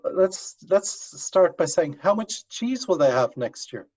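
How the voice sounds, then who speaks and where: A man's voice: sits high, big pitch swings, slow pace, darkish tone. A male university professor teaching an online class, coaxing students step by step over a video call. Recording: dull lo-fi video call audio.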